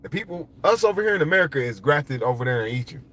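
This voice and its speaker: A man talking to camera in a rambling, profane, animated monologue. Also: fairly high pitch, brisk. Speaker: vlogger. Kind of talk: casual monologue.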